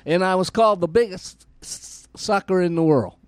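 A man's voice: sits high, moderate pace, lightly acted. A man voicing a boastful, strapping male hunter in a bar joke, sounding indignant. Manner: bragging and indignant.

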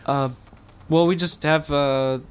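A man's voice: fairly high pitch, steady tone, slow, clear, resonant tone. A young man, a band's guitarist and songwriter, chatting casually in a radio studio, rambling with lots of fillers and restarts. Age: young adult. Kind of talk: casual interview chat.

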